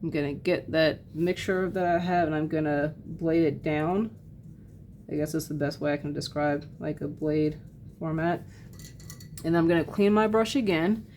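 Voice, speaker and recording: A woman with a low voice talks through an acrylic painting lesson in a relaxed, chatty way. She often pauses on fillers and sorry-ers as she works. A faint hiss of background noise sits under her voice. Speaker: art teacher. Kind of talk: casual painting tutorial.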